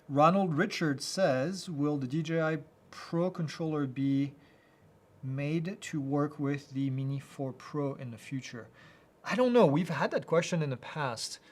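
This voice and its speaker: A male host answers viewer questions in a live Q&A, reading each one out first. His replies are casual and halting, full of fillers, and his voice is mid-range.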